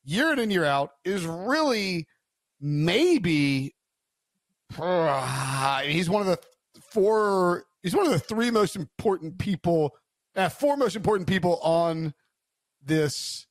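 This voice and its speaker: A man co-hosting a casual sports betting show, his voice a touch higher than most men's. He rambles and restarts his sentences as he thinks aloud. The recording is dry and close. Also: animated, takes it slowly, long pauses, no echo. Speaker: co-host.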